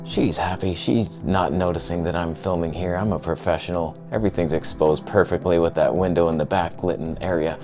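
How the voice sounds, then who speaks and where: A man narrating his own video footage in a casual, sarcastic, self-mocking way with quick asides. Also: sits low, fairly even intonation, darkish tone, faint music behind. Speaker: photographer vlogger.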